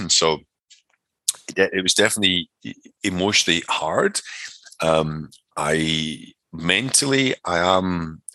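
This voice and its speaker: A man's voice: low voice, very animated, slow pace, sharp tone, no echo. A man, a personal trainer, telling his story as an interview guest in a rambling way, full of fillers and restarts.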